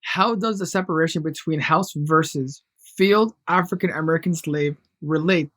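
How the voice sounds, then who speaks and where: A man on a podcast slowly and deliberately repeats the question he asked his guest. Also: on the high side, fairly bright tone. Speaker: podcast interviewer.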